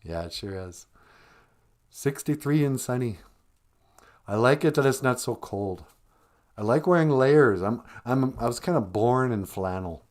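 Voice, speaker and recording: A man's voice: mid-range voice, measured pace, a little mellow. Joking man chatting on a stream. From northern Minnesota. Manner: joking, laughs often, rambling. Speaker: live stream host. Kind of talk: casual chat on a live stream.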